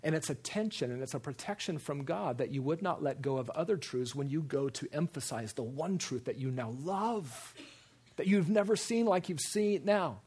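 A man preaching a sermon in an animated way, with repeated emphasis and acted-out quoted voices. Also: a little high, moderate pace, slightly rough. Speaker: preacher or teacher.

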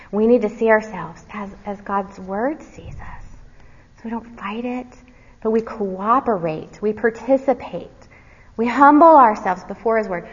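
A woman giving verse-by-verse Bible teaching, earnest, quizzing her listeners and dropping to a soft, low voice on key words. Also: husky. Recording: dull recording with long hall reverb.

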